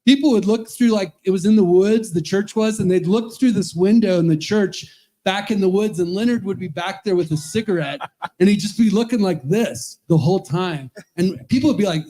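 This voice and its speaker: A man's voice: sits high, fairly quick, warm tone. A man in his fifties, an Episcopal priest, telling rambling, chuckling stories in a roast speech at a charity event. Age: 50s.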